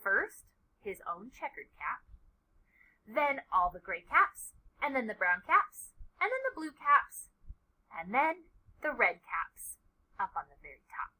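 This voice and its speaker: A woman preschool teacher reading a picture book aloud to children, dropping to whispers for suspense and getting loud for emphasis. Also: on the high side, very animated, takes it slowly, low-quality recording. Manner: dramatic, with hushed asides and loud emphasis.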